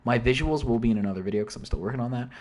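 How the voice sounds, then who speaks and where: A man's voice: medium pitch, very fast, a little mellow. A man casually explaining an album's story in a rambling, self-interrupting way, with mild slang. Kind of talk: casual commentary.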